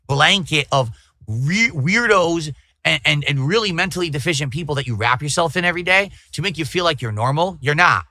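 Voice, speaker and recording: A man on a livestream lectures his chat in an indignant, repetitive rant. His voice sits a little high and has a bright, tense edge, and the sound is dry. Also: expressive, a little fast, no room sound. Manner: indignant, lecturing, repeating himself. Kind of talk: ranting livestream talk.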